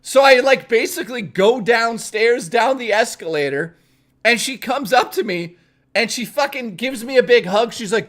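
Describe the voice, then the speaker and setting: Streaming, a man with a very high voice tells a personal story at a normal speed. He's casual, animated, and profane, often swearing that it's true.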